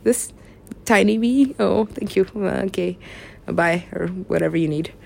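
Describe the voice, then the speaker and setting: A woman's voice: mid-range voice, measured pace, vocal fry, darkish tone. A woman talking in a meandering, giggly way, swearing freely and trailing off into mumbles. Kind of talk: rambling casual talk.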